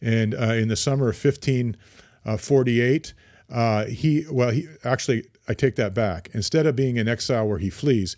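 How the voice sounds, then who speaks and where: A man's voice: medium pitch, normal speed, darkish tone, no echo, clean studio sound. A man co-hosting a podcast, casually retelling history with lots of fillers and restarts. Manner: rambling, many fillers and restarts. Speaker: podcast co-host.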